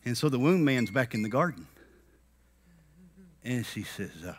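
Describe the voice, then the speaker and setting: A man preaching a dramatic sermon at a conference, swinging from quiet asides to shouted peaks and often checking in with the crowd. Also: mid-range voice, expressive, moderate pace, long pauses, breathy edge. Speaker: conference speaker.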